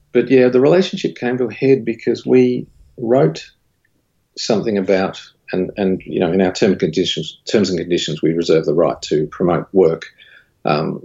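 A man's voice: creaky, breathy edge, muffled recording. A man, a studio owner telling a candid story in a casual interview. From Australia. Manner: candid, recounts dialogue with rising animated pitch. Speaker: guest, studio owner and creative director.

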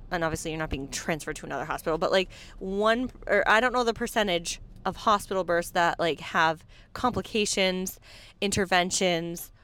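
Woman vlogging casually, animated chatter, laughs a lot, mid pitch, faint noise behind. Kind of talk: casual chat to camera.

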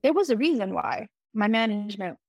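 A young adult woman musician, a guest in a casual interview, telling lively stories with casual swearing and acting out what others said. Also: mid-range voice, fairly quick, no echo. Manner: animated, acts out quoted dialogue, casual swearing.

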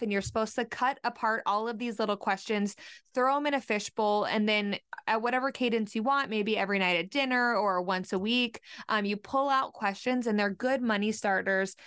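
A woman's voice: medium pitch, fairly bright tone, clear, resonant tone, no echo, clean studio sound. A woman hosting a radio money show in a casual chat, upbeat and explaining with little example quotes. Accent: Upper Midwest American. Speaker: radio host and money coach.

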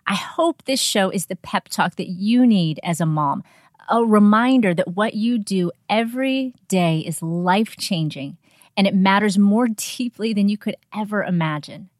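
A woman's voice: medium pitch, dry recording, studio quality. A woman in her thirties hosting a podcast for mothers, talking in an earnest, encouraging, heartfelt way. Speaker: podcast host. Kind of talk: warm scripted intro and casual podcast chat.

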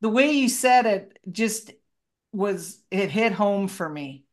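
A woman's voice: mid-range voice, expressive, slow pace. Effusive woman podcast co-host. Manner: effusive and praising. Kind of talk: casual chat.

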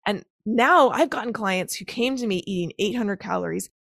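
A woman in her thirties speaks with a slight fry in her voice, laying out ideas step by step like a coach. The sound is dry and close, with no room around it. She talks conversationally, leaning on everyday analogies. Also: mid-range voice, moderate pace, fairly bright tone, no echo. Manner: explanatory, uses step-by-step examples and analogies. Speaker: guest, macro-counting coach. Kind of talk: conversational podcast interview.

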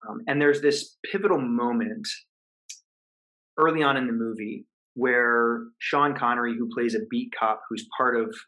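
A man's voice: mid-range voice, fairly even intonation, moderate pace, sharp tone, rough recording. Man telling a story in an interview. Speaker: guest, high-performance coach.

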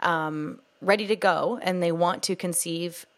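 A woman host asking questions and responding warmly and encouragingly. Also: on the low side, steady tone, measured pace. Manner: warm, encouraging, affirming responses. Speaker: podcast host. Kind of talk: casual interview talk.

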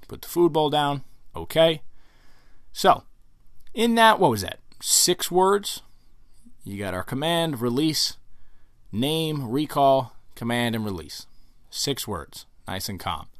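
Male podcast host, conversational instructor, animated pitch, dry close mic. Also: dry recording. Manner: conversational, acts out examples, lively. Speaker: podcast host giving dog training advice. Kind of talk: casual instructional monologue.

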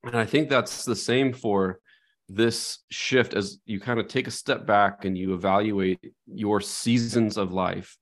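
Reflective man, lowish voice, podcast chat. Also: steady tone, unhurried. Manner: thoughtful, reflective, frequent "right?" tag questions. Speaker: podcast co-host. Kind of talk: casual conversational chat.

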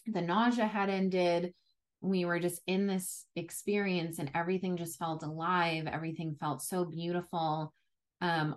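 A young woman with a voice pitched a little low talks through a personal story as a podcast host. Her delivery is loose and chatty, full of "like" and small restarts. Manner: chatty, frequent "like" fillers.

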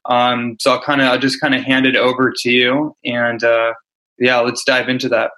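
A man hosting a podcast interview, relaxed and hesitant as he hands over to his guest. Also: medium pitch, moderate pace, poor audio. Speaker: podcast host. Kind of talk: casual interview.

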